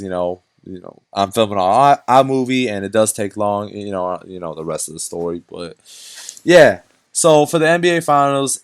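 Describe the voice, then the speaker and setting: A man's voice: mid-range voice, clear, resonant tone, no room sound, clean studio sound. A young man giving unscripted, casual basketball commentary for his vlog, rambling, restarting sentences and using lots of slang. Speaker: basketball vlogger.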